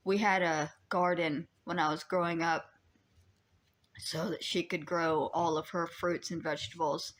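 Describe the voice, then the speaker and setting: A woman's voice: lowish voice, a bit bright. A woman streamer giving casual, chatty, rambling commentary while reacting to an old TV episode.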